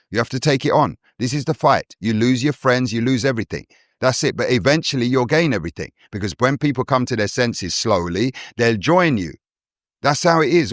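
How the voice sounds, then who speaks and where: A man's voice: mid-range voice, no room sound, clean studio sound. A man holding forth on a podcast in a preachy, emphatic way, hammering his points with repetition. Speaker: podcast co-host. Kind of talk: forceful monologue.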